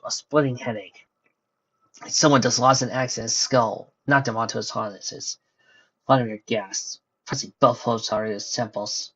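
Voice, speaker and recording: A man narrating a fan-fiction story in a steady storytelling manner, on a dull lo-fi recording. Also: lowish voice, breathy edge.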